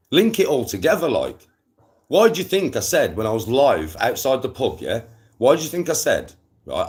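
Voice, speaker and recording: A young man chatting to his live-stream viewers in a casual, animated way, full of slang and swearing. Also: medium pitch. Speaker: livestreamer.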